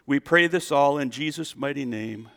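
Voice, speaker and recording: A man preaching a sermon as a pastor, animated and drawing call-and-response from his congregation in a church sanctuary. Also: mid-range voice, moderate pace, gravelly. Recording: long reverb in a hall.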